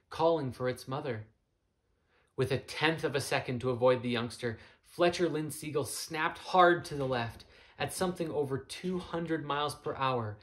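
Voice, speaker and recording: A man reading a story aloud as narrator in a soft, measured way. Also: medium pitch. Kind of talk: audiobook narration.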